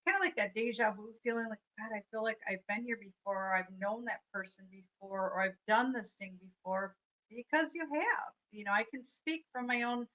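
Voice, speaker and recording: A woman's voice: mid-range voice, bright, forceful tone, low-quality recording. A woman life coach giving a live, earnest spiritual talk, reflective and full of fillers. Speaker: life coach and energy healer.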